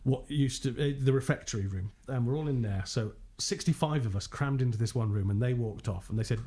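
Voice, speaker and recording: A man, a ghost hunter telling animated anecdotes in casual podcast chat, laughing often and acting out quotes. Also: medium pitch, a little fast, hardly any pauses.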